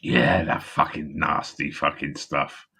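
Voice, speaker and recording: A man's voice: very deep voice, steady tone, takes it slowly, creaky, pushed and bright, slightly rough. A man chatting casually on a live stream over a video call, rambling, laughing often and swearing constantly. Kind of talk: casual chat.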